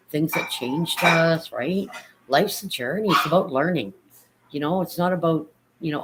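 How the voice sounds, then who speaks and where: A woman's voice: low voice, slight background noise, rough recording. A middle-aged woman hosting a casual livestream, chatting and reading viewers' comments aloud in a reassuring way, often repeating herself and adding "right?" or "isn't it?". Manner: chatty, reassuring, repeats phrases and adds tag questions. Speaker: livestream host.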